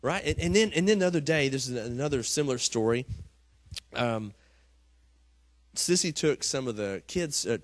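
A man preaches in a loose, conversational sermon. His voice is mid-pitched and sounds dry and close, with no room echo. He repeats his words as he talks and now and then asks for an "Amen?". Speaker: pastor.

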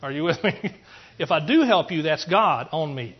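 A pastor from East Texas giving an earnest testimony sermon, rambling through restarts and rising into emphatic preaching. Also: male voice, fairly high pitch, lively intonation, moderate pace, breathy edge, lo-fi sound.

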